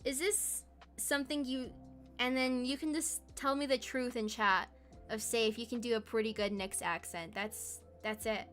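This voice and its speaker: A woman's voice: a little high, fairly even intonation, moderate pace, fairly bright tone, soft background music. A woman streamer chatting casually while she works, playful and rambling, often breaking into giggles. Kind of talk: casual live stream chat.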